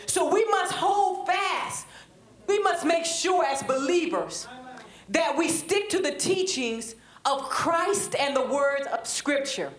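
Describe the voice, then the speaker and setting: A high-pitched, middle-aged woman preaching a Bible study with a Black lilt. She draws the congregation into call-and-response and climbs into fervent preaching. Her voice rings around a reverberant church room. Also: a bit bright. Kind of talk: sermon-style Bible teaching.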